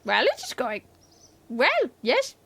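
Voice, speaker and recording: A woman's voice: on the high side, wildly swooping pitch, takes it slowly, vocal fry, breathy edge, full character voice. A woman voicing a tiny ancient male alien sage who talks with his words in backwards order, playful on a live game stream. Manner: inverted word order, playful.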